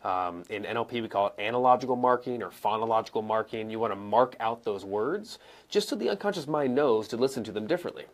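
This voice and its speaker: A young adult man coaching live viewers in a casual, conversational way, acting out examples with pauses and emphasis. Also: on the low side. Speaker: coach and speaker answering viewer questions. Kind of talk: live-streamed teaching. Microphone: camera mic, moves around and sits back down.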